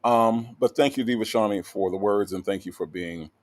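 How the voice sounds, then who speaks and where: Male livestream host, joking and animated, chatty comment-reading delivery. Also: fairly low pitch, normal speed. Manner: animated, playful, with lots of "okay?" tags and fillers.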